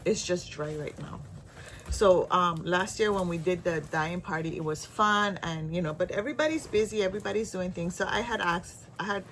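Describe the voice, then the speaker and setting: A woman's voice: fairly low pitch, moderate pace, a bit bright, slight background noise. A woman chatting casually in a stitching vlog, rambling and laughing often. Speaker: cross-stitch vlogger. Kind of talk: casual chat.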